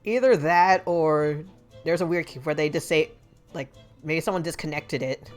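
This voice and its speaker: A woman's voice: low voice, moderate pace, soft background music. A young woman giving casual, playful gameplay commentary, giggling often. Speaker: streamer.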